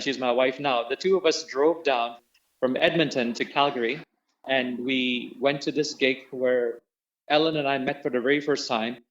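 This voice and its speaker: A middle-aged man tells his stories as an interview guest, bringing them to life by acting out the voices he quotes. His voice sits in an ordinary middle register. The audio is dull and lo-fi, as over a remote call. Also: medium pitch. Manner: animated storyteller who acts out quoted voices. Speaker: interview guest, tabla player and singer. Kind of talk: storytelling in an interview.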